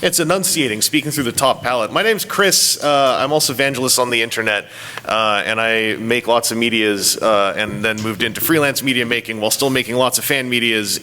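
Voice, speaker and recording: A man leads a convention panel with a bright, forward voice. He talks in a loose, rambling, playful way. Faint room noise runs underneath. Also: mid-range voice. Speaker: panel moderator. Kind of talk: casual panel talk.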